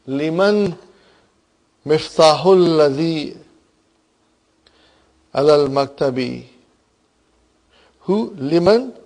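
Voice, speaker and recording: Slow, patient male Arabic grammar teacher. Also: a little high, darkish tone. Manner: slow, patient, often checks with students. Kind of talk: classroom grammar lesson.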